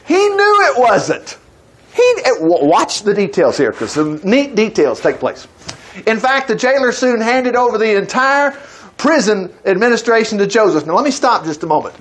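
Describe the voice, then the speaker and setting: A high-pitched man preaches from the Bible in a folksy, chatty manner. His voice leaps around a lot, and he keeps breaking off into exclaiming asides. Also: expressive, normal speed.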